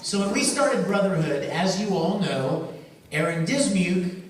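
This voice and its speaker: A man's voice: sits high, animated, measured pace. A man on a convention panel, playfully telling a story to the crowd and acting out lines in voices. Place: large convention hall. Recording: echoey hall, distant mic, noisy.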